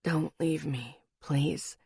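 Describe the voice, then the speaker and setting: A man's voice: fairly even intonation, creaky, dark tone, slightly rough, dry recording, studio quality, heavily acted. A woman voicing a groggy, demanding rugged man. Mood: pleading. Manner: slow, groggy, low murmur.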